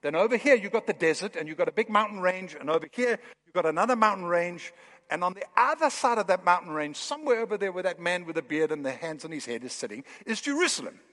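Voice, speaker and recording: A man preaching a sermon in a church, with animated, building emphasis. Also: high voice, fast, in a large hall. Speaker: pastor. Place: church hall.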